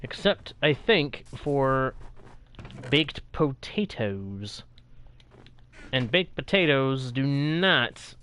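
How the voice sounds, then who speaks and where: A man's voice: on the high side, sharp tone, a little hiss or hum. A man streaming a video game, chatting casually and greeting viewers from chat in a friendly way. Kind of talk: live gameplay commentary with chat greetings.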